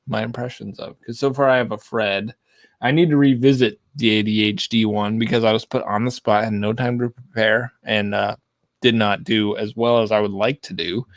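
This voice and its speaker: Male live-stream host, rambling casual chatter, mid-pitched, dry close sound. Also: no echo. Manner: rambling, animated, lots of fillers. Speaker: podcast host.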